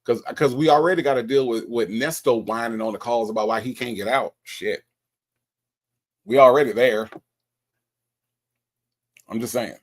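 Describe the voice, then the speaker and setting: A man's voice: medium pitch, normal speed, long pauses. A man giving blunt, scolding commentary in a casual, mocking way. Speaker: commentator reacting to a call recording.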